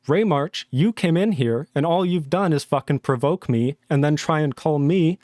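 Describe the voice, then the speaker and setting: A man's voice: a little high, moderate pace, darkish tone, no room sound, studio quality. Angry profane man arguing on stream. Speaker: livestream host. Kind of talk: heated live-stream chat.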